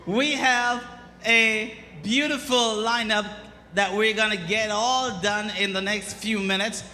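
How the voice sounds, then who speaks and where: A Jamaican man emcees a live event in a high, bright voice, joking and teasing between acts. He slips into patois asides, with soft music and a long hall echo behind him. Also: moderate pace. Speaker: event host, radio personality.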